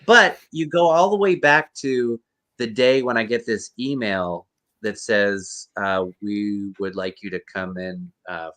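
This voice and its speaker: Animated low-voiced man telling stories. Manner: animated, fast anecdotes with many restarts. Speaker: guest actor and performer. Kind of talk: casual storytelling interview.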